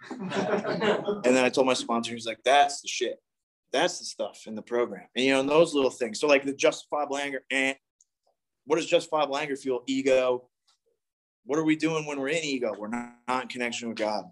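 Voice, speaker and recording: Man in his thirties, rambling profane storyteller, middle pitch, recovery meeting talk. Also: brisk. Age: 30s.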